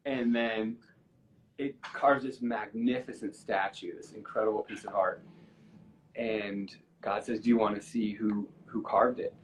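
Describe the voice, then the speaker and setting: A man's voice: on the low side, fairly even intonation, slight background noise, poor audio. A musician in a casual live video chat, telling a story earnestly with many restarts and fillers, getting emotional as he goes. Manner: halting, with frequent restarts and fillers. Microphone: video call from a phone or computer.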